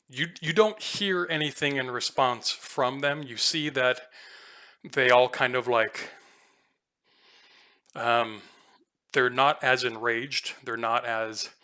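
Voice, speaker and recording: A man's voice: mid-range voice, sharp tone, smooth. A man narrating a tabletop game as game master, casual and playful, with many filler ums.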